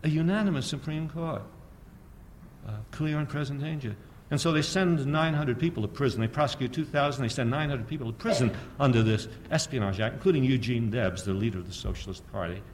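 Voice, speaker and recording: A man delivers a public history lecture, sardonic and animated, firing off rhetorical questions and often chuckling at his own points. His mid-range voice moves briskly, with slight background noise present.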